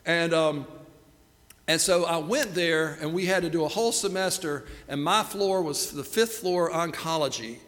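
A man's voice: on the high side, moderate pace, a bit bright. A middle-aged man telling a self-deprecating story in a sermon. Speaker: pastor. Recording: long hall reverb.

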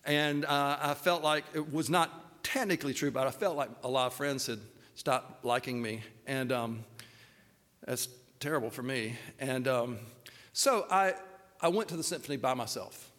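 A man's voice: mid-range voice, moderate pace, a bit bright. Older man, pastor, heartfelt sermon with ums and ahs, reverberant hall. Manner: earnest and personal, with hesitant fillers.

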